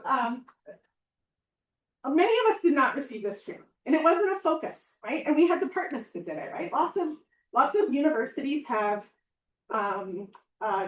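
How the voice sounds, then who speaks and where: Chatty woman prof giving a talk, kinda high voice, echoey and far from the mic. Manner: chatty, uses "right?" and "like" often; animated, acts out quoted voices. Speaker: assistant professor giving a public talk. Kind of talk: informal lecture. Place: outdoor event or hall.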